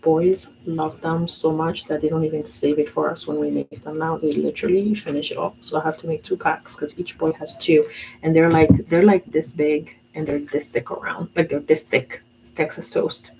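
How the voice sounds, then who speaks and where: A woman in her thirties with a low, gravelly voice talks herself through a sketch and chats as she works. Her tone is mellow and unhurried, with a faint hiss of background noise on the recording. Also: low-quality recording. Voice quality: relaxed, musing aloud. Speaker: art vlogger. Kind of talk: casual chat while drawing and painting.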